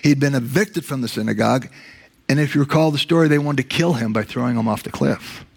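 A male pastor delivers a sermon with a gravelly, slightly husky voice. He retells scripture stories, dropping low for the quoted lines, and slows right down to stress his key words. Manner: storytelling, acts out quotes in a lowered voice.

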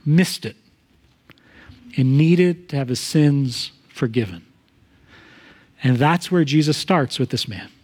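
A man's voice: mid-range voice, expressive, slow pace, pauses often, darkish tone. A man pastor preaching a sermon in an earnest teaching manner, livening points with made-up everyday examples.

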